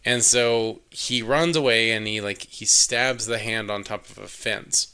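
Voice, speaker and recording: A man co-hosting a podcast, excitedly retelling a horror film's plot in casual chat, swearing and briefly acting out the characters' lines. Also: fairly low pitch, clean tone. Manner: excited, swearing, acts out lines in quick voices. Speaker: podcast co-host. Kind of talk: casual movie recap chat.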